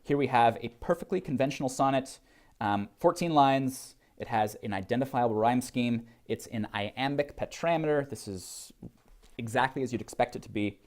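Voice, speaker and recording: A man's voice: medium pitch, normal speed, a little mellow. Man lecturing, musing and digressive. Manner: digressive, thinking aloud with fillers and restarts. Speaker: literature lecturer. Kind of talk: college lecture with poetry reading. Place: classroom.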